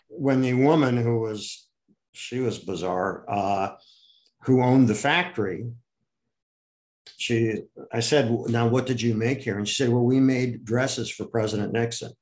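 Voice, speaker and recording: An older man from the United States is being interviewed and tells long, winding stories. He jumps into the voices of the people he quotes, raising his pitch for the punchlines. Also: unhurried, pauses often. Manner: animated, acts out quoted people with raised pitch. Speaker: interview guest. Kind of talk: storytelling in an interview.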